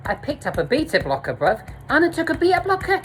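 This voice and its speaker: A woman's voice: high-pitched, wildly swooping pitch, quick pace, soft background music, rough recording. A woman telling a blunt, sweary, self-mocking story to camera as a vlogger. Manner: blunt, sweary, laughs at herself. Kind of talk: candid storytime monologue.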